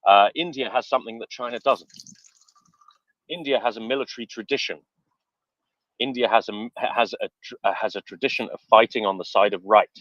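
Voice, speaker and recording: A man hosting an online discussion, speaking in a measured, thoughtful way with frequent fillers. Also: mid-range voice, fairly bright tone, no room sound. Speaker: host. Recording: muffled dry online audio.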